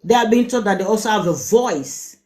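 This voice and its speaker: Speaking fairly quickly in a dark tone, this middle-aged Nigerian-accented woman gives relationship advice straight to her live-stream viewers. Her pitch is typical for a woman, and she pushes hard on her points with repetition and rhetorical questions.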